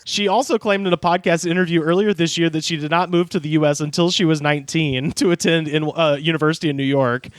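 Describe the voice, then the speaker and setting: A man's voice: a little high, fairly even intonation, fast talker, few pauses, clear, resonant tone, no echo, studio quality. A man co-hosting a podcast in casual chat, laughing often and swearing as he recounts news stories. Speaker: podcast co-host.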